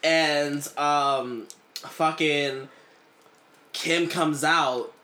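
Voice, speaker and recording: An excitable young man in his late twenties tells a story on a casual podcast. His voice is bright and forceful, and he swears freely as he talks. The delivery is animated throughout. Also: a little high, drawn-out words. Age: late 20s. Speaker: podcast co-host.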